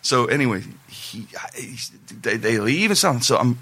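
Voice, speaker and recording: A man telling a long story in a casual chat, in an animated way, rambling and often breaking off to restart his sentences. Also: medium pitch, normal speed, breathy edge. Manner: animated, rambling, self-interrupting.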